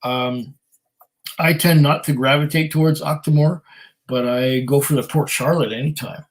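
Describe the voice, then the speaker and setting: A man with a somewhat high voice hosts a whisky livestream from home. He reads viewer comments aloud in casual, rambling chat and is modest about himself. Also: fairly even intonation, normal speed, rough recording. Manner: rambling and self-deprecating, with many fillers and laughs. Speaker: whisky channel host.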